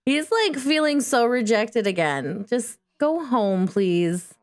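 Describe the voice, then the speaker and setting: A gaming video host offers chatty, playful commentary while playing a life-simulation game, talking back to the on-screen characters. Her slightly high voice swings widely in pitch, slow and a little mellow.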